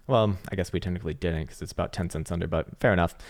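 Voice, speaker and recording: A man's voice: low-pitched, fast talker. A man hosting his channel, giving laid-back, joking and profane commentary on crypto charts. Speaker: crypto market analyst, channel host.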